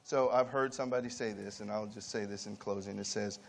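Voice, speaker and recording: A man preaching a sermon at a church camp meeting, swinging between high, pleading emphasis and quiet asides. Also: steady tone, fairly quick, vocal fry.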